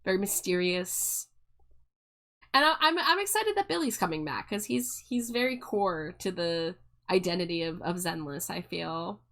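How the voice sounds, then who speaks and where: A woman's voice: fairly low pitch, animated, moderate pace, a bit bright. A young woman streaming live, chatting casually with viewers, giggling and restarting her phrases as she goes.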